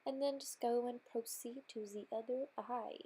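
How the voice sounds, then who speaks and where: A woman's voice: fairly high pitch, steady tone, moderate pace, mellow, slightly rough. A young woman talking through a makeup tutorial in a chatty, bubbly way, sounding slightly nasal from a cold. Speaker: beauty vlogger. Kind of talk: casual makeup tutorial voice-over.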